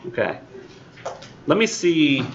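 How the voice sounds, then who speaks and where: A man's voice: on the high side, very animated, slow, creaky, muffled recording, slight background noise. A man teaching a college English class in a casual, chatty way, with wry sarcastic asides.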